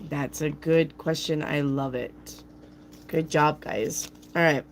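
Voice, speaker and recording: A woman with a gruff, raspy voice, hosting a live tarot reading and chatting playfully with viewers by name. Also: low voice, steady tone, measured pace, a little hiss or hum. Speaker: tarot reader, channel host. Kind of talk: live-stream tarot reading, answering chat.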